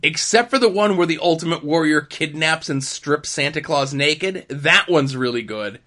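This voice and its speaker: A young man with a bright, slightly raised voice co-hosts a laid-back podcast. He talks casually and wryly, with a dry sense of humor. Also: on the high side, animated, moderate pace. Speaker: podcast co-host. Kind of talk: casual chat.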